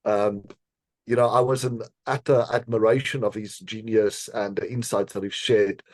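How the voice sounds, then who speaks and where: A man being interviewed on a podcast, telling a personal story in an earnest, measured way, with frequent fillers and small laughs. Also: fairly low pitch, fairly even intonation, no echo. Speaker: podcast guest, decision scientist.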